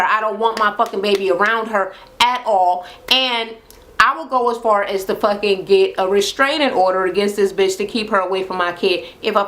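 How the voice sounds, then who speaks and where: A woman ranting through a reality show recap in loose, cussing chat. She keeps acting out the cast's lines, and her voice leaps up for each quote. Her pitch sits in the middle for a woman. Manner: animated, acts out quotes with pitch jumps and laughs. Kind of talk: profane casual recap rant.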